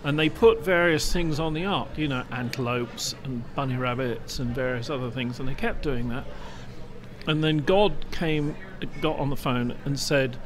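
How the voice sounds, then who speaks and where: A man's voice: mid-range voice, moderate pace, crowd noise. A man hosting a casual panel podcast, telling long stories with many fillers. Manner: rambling storyteller, hesitant fillers. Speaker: podcast host.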